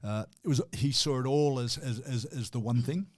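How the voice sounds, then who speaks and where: A man's voice: mid-range voice, moderate pace, darkish tone, no room sound. Chatty Australian man, dry close mic. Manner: chatty, chuckling, many restarts. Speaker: radio co-host. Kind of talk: casual chat.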